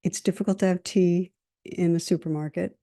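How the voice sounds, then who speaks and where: A middle-aged woman giving a meditation teacher's dharma talk, gentle and measured, telling stories and listing things slowly. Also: fairly low pitch, fairly even intonation.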